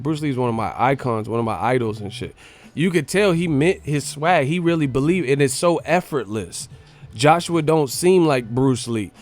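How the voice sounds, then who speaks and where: A man hosting a live stream, giving casual boxing commentary in a profane, animated, mocking rant. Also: on the high side. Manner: profane, animated, mocking ranting with frequent laughs.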